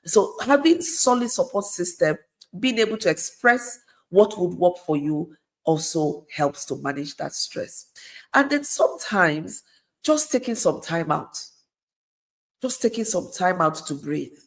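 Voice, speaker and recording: Speaking unhurriedly in a lowish, animated voice, this middle-aged guest offers conversational advice. She's earnest and returns to the same phrases to stress her points.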